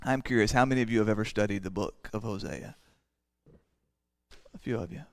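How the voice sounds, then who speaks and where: A man preaching a sermon in earnest, swelling loud on key phrases and dropping to quiet asides. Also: fairly low pitch, a little fast, no room sound, studio quality. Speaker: pastor.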